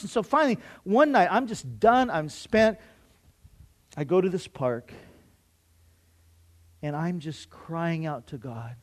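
Brief: middle-aged male pastor, high-pitched voice, animated sermon storytelling with self-mocking humor. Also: a little slow, long pauses. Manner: animated, acting out his own past thoughts with self-mocking humor.

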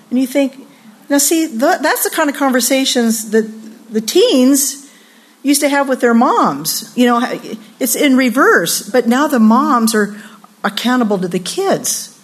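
Older woman, retreat sermon, higher-pitched voice, expressive delivery, acts out quoted voices. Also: measured pace. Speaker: women's retreat speaker.

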